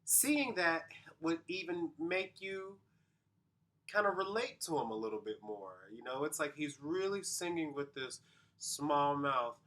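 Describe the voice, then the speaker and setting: A man's voice: on the high side, very animated, a little slow, pushed and bright. A man working as a vocal coach, casually explaining singing technique to viewers at home. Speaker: vocal coach reacting to a performance. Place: home, recorded at night.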